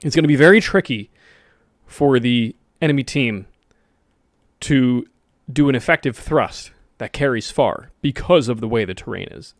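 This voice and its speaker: Guy rambling through strategy game commentary, middle pitch, dry close mic, keeps correcting himself. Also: lively intonation, normal speed, no echo. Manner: rambling, self-correcting, jokey asides. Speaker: gaming video host. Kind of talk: casual gameplay commentary.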